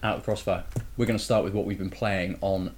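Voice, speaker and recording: Brief: male podcast host, fairly deep, loose banter with tag questions. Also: fairly even intonation, fast talker, darkish tone, a little hiss or hum. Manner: chatty, teasing, leans on tag questions. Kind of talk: casual gaming podcast chat.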